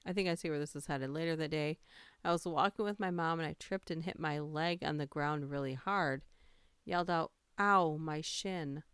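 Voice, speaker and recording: A woman's voice: low voice, brisk, clean tone, dry recording, studio quality. A woman hosting a casual livestream, reading funny stories aloud, laughing and greeting her chat.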